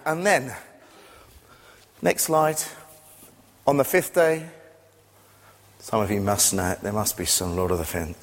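Man preaching in a reverberant church hall. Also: mid-range voice. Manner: animated storytelling with sudden loud excited bursts. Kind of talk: lively sermon.

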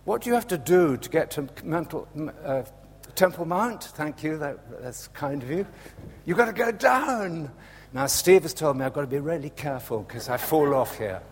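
A man preaching a sermon in a church, slow and animated, dropping to a hush and rising again. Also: a little high, breathy edge. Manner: slow, animated, swings from loud to hushed. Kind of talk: Palm Sunday sermon. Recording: echoey church hall with long reverb.

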